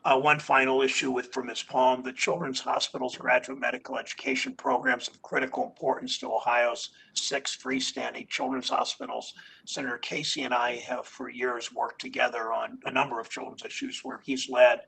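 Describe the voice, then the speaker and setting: An older senator questions a nominee at a committee hearing, stopping and restarting his words as he goes. His voice is heavily gravelly and husky, with a bright, tense edge. He sounds earnest rather than polished. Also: medium pitch, moderate pace, poor audio.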